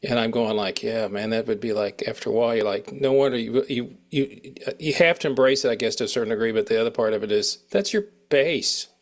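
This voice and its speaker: A man's voice: medium pitch, brisk, hardly any pauses. A man hosting a casual interview, rambling and trailing off mid-sentence as he asks questions. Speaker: interviewer host.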